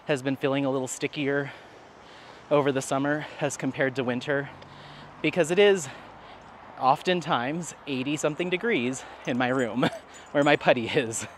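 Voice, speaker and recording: A man's voice: mid-range voice, normal speed, slight background noise. A man chatting casually with viewers while walking his dog in a park, laughing often. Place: outdoors in a park.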